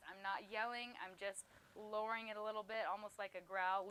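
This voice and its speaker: Woman teaching puppy commands outside, chatty, bright clear tone. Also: mid-range voice, steady tone, brisk. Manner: chatty, explains while praising the puppy. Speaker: dog trainer. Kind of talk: casual training demonstration. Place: outdoors.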